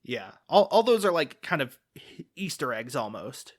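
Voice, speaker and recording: A man's voice: mid-range voice, big pitch swings, moderate pace. A man co-hosting a podcast, chatting casually and enthusiastically, hedging often. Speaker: podcast co-host. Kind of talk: casual chat.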